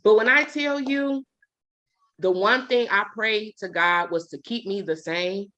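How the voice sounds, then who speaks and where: A middle-aged woman, a podcast guest, telling her personal story in a lively, earnest, conversational way. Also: medium pitch, a little slow. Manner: lively, acts out quoted dialogue; earnest, testimonial. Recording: dull lo-fi podcast audio.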